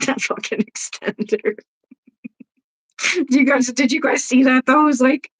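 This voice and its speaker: A woman's voice: sits high, unhurried, long pauses, slightly rough, poor audio. A woman hosting a casual live stream who talks bluntly, swears freely, laughs often and answers viewer comments. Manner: blunt, profane gossip with frequent laughs. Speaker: livestream host.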